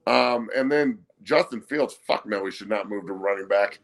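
A man's voice: fairly low pitch, moderate pace, gravelly. A man appearing as a guest on a sports talk show, cursing freely in heated, casual sports chat. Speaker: guest commentator.

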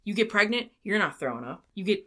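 A woman's voice: mid-range voice, big pitch swings, quick pace, bright, forceful tone. A young woman cohosting a podcast, chatting casually in a blunt, profane, teasing way. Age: young adult. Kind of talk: casual chat.

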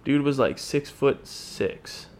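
A man co-hosting a podcast, telling a story in an animated, profane, slangy way. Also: mid-range voice, takes it slowly, a little hiss or hum. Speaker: podcast co-host. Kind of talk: casual storytelling chat.

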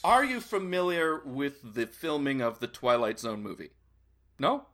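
A man's voice: medium pitch, lively intonation, measured pace, fairly bright tone. A man co-hosting a comedy podcast, trading jokes in a mock-serious tone. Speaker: podcast co-host. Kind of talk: casual comedic chat.

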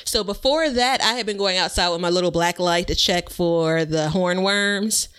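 A woman's voice: lowish voice, moderate pace, a bit bright, smooth. A woman co-hosting a podcast, telling a rambling story in casual chat and laughing often. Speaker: podcast co-host.

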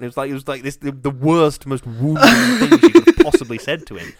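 Talking quickly with few pauses in a medium-pitched voice, a man chats casually over a video call. He's spinning a long, rambling story, animated and full of fillers.

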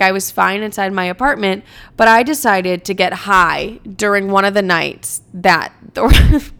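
Young adult woman, vlogger, clear resonant tone, loose animated storytelling with profanity. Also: medium pitch. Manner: animated, swearing, self-mocking. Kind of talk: casual storytime monologue.

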